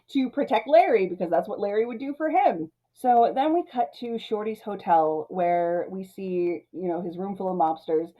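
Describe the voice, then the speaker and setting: Woman movie-review host, mid pitch, casual and chatty with frequent laughs, slightly muffled sound. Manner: chatty, laughs often, many "like" and "you know".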